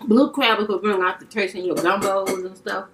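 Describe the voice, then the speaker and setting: A woman's voice: mid-range voice, fairly even intonation, a little fast, distant mic, poor audio. A woman from Louisiana co-hosting an eating video, chatting casually and laughing easily. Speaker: mukbang co-host. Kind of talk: casual chat while eating. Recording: voice from a bit away, light hiss.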